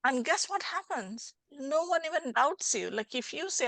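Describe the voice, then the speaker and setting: A woman life coach hosting a conversational interview, animated and acting out little scenes as she explains. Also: high voice, normal speed, few pauses, no echo. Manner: animated, acts out little scenes with changing voices. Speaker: life coach and podcast host.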